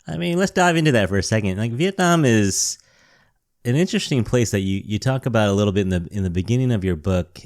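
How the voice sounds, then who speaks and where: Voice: medium pitch, dry recording, clean studio sound. A podcast host who laughs often and asks long, rambling, curious questions in a casual interview.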